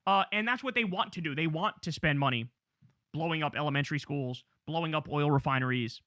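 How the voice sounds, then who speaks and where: A man's voice: a little high, fairly quick, a bit bright, no room sound, clean studio sound. A man hosting a live political news stream, ranting heatedly and swearing as he reads headlines. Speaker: political show host.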